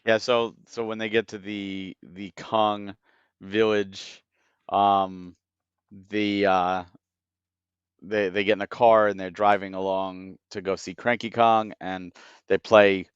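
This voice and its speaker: A man co-hosting a casual podcast, rambling and excitable, jumping into quoted asides. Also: on the low side, takes it slowly, smooth, no echo, dull audio. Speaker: podcast co-host.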